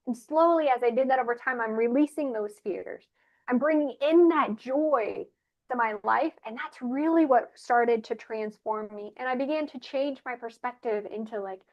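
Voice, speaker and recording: Woman, high voice, earnest animated testimony, dull lo-fi recording. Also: moderate pace. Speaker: regular panelist. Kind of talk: personal spiritual testimony. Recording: muffled lo-fi audio.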